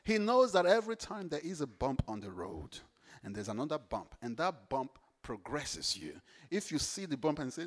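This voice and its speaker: A man preaching a sermon, animated, repeating phrases for emphasis and swinging from hushed to loud. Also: a little high, normal speed.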